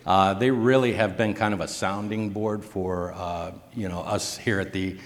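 A man with a fairly low voice answers a panel question, pausing often on small fillers. He sounds like a guest explaining his work plainly. The room adds a long, lingering reverb. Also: fairly even intonation. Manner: hesitant, full of "uh" and "you know". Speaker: business development director, panel guest. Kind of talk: casual panel talk.

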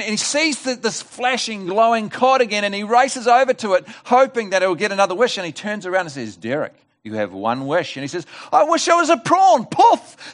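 A middle-aged man preaches at a church service in a lively voice that swings high and low. He sits a little high for a man and tells a joke as an animated storyteller, full of asides and restarts. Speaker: guest preacher. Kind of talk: sermon with a told joke.

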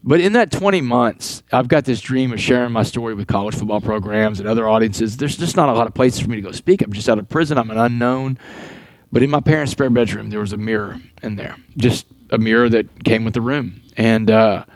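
A man in his forties talks at a rapid clip, spinning a story with plenty of drive and doubling back on words. The sound is close and dry, with no room around it. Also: mid-range voice, no room sound, rough recording. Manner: animated storyteller, repeats words as he goes. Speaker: guest. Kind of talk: storytelling interview.

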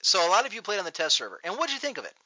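A man hosting a show, ranting loudly and profanely in a mocking tone, recorded on dull lo-fi audio. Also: sits high, wildly swooping pitch, rapid-fire, dry recording. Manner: loud, profane, mocking rant. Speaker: podcast host. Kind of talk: ranting comedic talk show.

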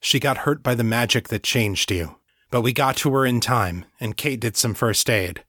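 A man voicing a steady, reassuring man who speaks in a calm, reasonable way. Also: mid-range voice, moderate pace, no echo, clean studio sound.

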